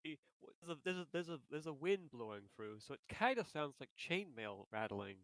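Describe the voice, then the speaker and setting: A man's voice: fairly high pitch, very animated, fairly quick, a bit bright, no echo, rough recording. A man playing in a tabletop game, chatty, tripping over restarts. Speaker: player. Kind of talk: casual tabletop chat.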